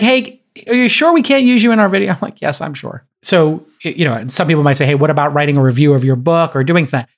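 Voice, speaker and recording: A man hosting a podcast, telling an emphatic story in casual chat and acting out the quoted dialogue. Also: on the high side. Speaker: podcast host.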